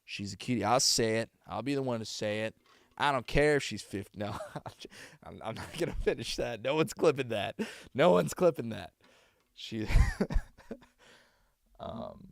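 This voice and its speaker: Streamer type, low and fry-laced, animated delivery, dry close sound, rambles to chat. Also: male voice, measured pace, pauses often, dry recording. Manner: rambling, chatting with viewers. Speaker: voice actor streamer. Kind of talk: casual live-stream chat.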